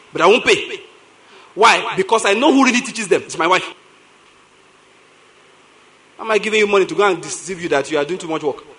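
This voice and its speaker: Nigerian pastor guy, high voice, lively sermon storytelling, keeps repeating stuff for punch. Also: rough recording. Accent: Nigerian English. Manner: animated storytelling, breaks into laughter, repeats for emphasis.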